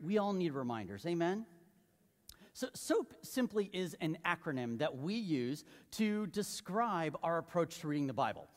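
A male pastor preaching a sermon in a loose, conversational way, joking and putting questions to the congregation. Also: on the high side. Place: church sanctuary. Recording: long reverb of a large hall.

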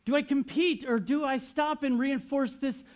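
A man's voice: extremely high pitch, steady tone, moderate pace. A man in his thirties, a pastor giving a sermon, telling a story with playful asides to the congregation.

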